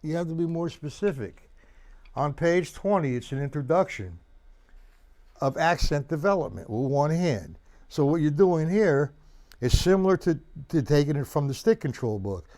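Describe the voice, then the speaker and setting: A man teaching a drum lesson on a live stream, loudly calling out strokes and counts and talking casually to a student in between. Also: a little high, lively intonation, moderate pace.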